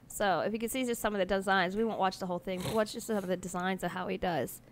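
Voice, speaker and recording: A woman's voice: medium pitch, fairly even intonation, fast, slight background noise. A woman co-hosting a casual radio talk show, showing videos with enthusiasm. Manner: enthusiastic, presents online videos.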